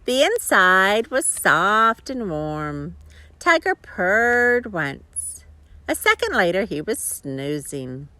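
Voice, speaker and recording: A woman reading a children's story aloud, expressive, with chuckling asides to her listeners. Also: medium pitch, takes it slowly, no echo. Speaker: storybook reader.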